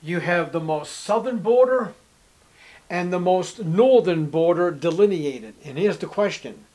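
Animated but unhurried, a male preacher works through an expository sermon on the Bible, reading passages in King James style. He leans hard on key words, rising to forceful highs, and asks rhetorical questions.

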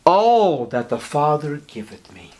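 Male preacher, higher pitch, dramatic swings between hush and proclamation. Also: big pitch swings, slight background noise. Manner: swings from low murmurs to high, loud emphatic declarations; drawn-out words for emphasis. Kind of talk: evangelical sermon.

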